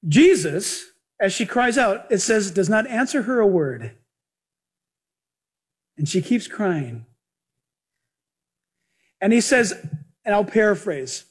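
A pastor preaching a sermon in an animated way, acting out the people he quotes. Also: sits high, slow, pauses often, slightly rough. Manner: animated, acts out quoted voices.

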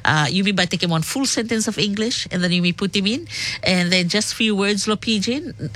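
A woman's voice: mid-range voice, a little fast, a bit bright. A young woman radio presenter from the Solomon Islands with a Solomon Islands Pijin accent, chatting casually in a mix of English and Pijin with lots of fillers.

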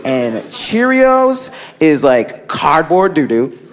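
A man's voice: fairly high pitch, slow. A man doing a stand-up comedy routine on a club stage, telling a story with lots of "like" fillers and acting out the people in it. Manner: animated storytelling, frequent "like" fillers, acts out characters. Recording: live club with loud crowd laughter and noise.

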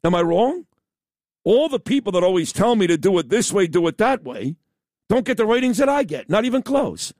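A man's voice: high voice, sing-song, fairly quick, darkish tone, no echo, clean studio sound. A man hosting a radio talk show, talking in a blunt, emphatic, rambling way. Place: radio studio. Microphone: studio mic.

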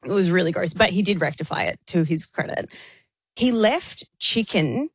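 A woman's voice: on the low side, lively intonation, moderate pace, breathy edge, no echo. Aussie woman in her 30s, chatty podcast cohost, laughs a lot, dry close mic. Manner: chatty storyteller, laughs often. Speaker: podcast co-host. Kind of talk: casual chat.

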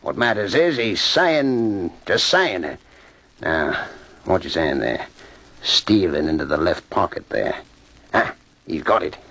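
An actor playing a boastful, hearty master thief in 1940s radio acting. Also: male voice, low-pitched, very animated, slow pace, creaky, a bit bright, exaggerated voice. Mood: sly. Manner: hearty, laughing, bossy and boastful. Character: boastful gravelly male master thief, middle-aged.

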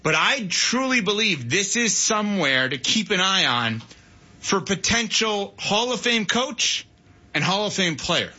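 A man on sports radio with a high, very bright and husky voice, out of breath as he lays out animated, opinionated analysis. The sound is dull and lo-fi, like a broadcast feed. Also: unhurried. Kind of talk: sports talk radio discussion.

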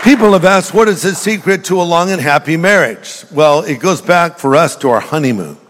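A man's voice: fairly high pitch, expressive, a little fast, crowd noise, noisy background. An older man preaching a sermon, folksy and joking as he tells stories. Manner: folksy storytelling with jokes. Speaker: pastor. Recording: reverberant hall.

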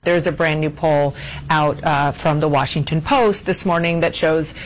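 Low-voiced woman, news panel clip. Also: fairly even intonation, normal speed, slight background noise, poor audio. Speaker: television news anchor. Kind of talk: broadcast news panel discussion.

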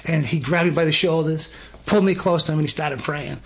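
A middle-aged man telling a personal story in a casual conversation, earnest and emphatic, getting animated when he quotes people. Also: fairly high pitch, fairly quick, breathy edge.

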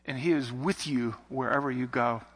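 A man's voice: medium pitch, moderate pace, husky, long reverb tail. A man preaching a sermon as a pastor, building to emphatic repetitions.

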